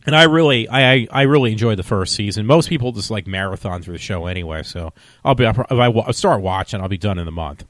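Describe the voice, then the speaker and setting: A man's voice: on the low side, animated, fast talker, a bit bright, dry recording, studio quality. A man vlogging a casual movie review, talking in a rambling, loose, conversational way.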